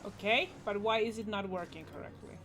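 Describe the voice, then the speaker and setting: A woman's voice: medium pitch, fairly even intonation, brisk, a bit bright, faint music behind. A woman streaming a game, muttering and swearing casually at what is happening on screen. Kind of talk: casual gameplay commentary.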